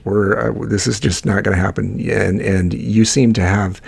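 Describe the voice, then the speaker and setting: Podcast host from Iowa, low gravelly voice, halting and wry. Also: male voice. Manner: halting, many fillers and restarts, wry. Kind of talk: casual chat.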